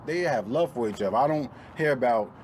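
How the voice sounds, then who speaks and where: A man in a casual interview, talking in a relaxed, reflective way with lots of fillers. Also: mid-range voice, brisk, background noise.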